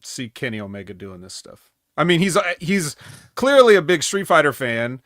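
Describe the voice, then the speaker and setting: A man's voice: on the high side, sing-song, moderate pace, fairly bright tone, no echo, studio quality. A man co-hosting a casual wrestling recap podcast, rambling with sarcastic asides. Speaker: podcast co-host.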